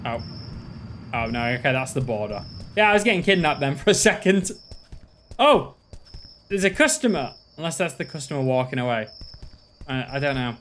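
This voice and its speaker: A man's voice: medium pitch, sing-song, normal speed, long pauses, fairly bright tone. A man hosting a gaming channel, playing a game with joking, self-mocking commentary.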